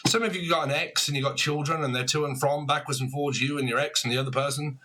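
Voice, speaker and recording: A man's voice: on the high side, steady tone, fast, few pauses, sharp tone. Rambling man reading tarot. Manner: rambling, free-associating, chuckling. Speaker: tarot reader.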